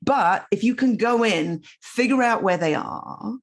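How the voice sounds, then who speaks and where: Lively husky-voiced woman coach. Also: a little high, unhurried. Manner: animated, explaining with many asides. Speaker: guest, storytelling coach. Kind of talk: casual podcast conversation.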